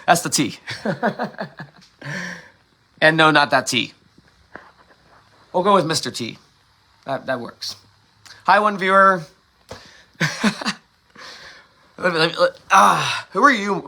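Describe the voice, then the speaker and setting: A man talks alone on a late-night livestream, wandering from thought to thought, cutting himself off and swearing as he goes. His voice sits at an average pitch with a bright, ringing tone. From Ohio. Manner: rambling, self-interrupting, profane and laughing. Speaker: livestream host.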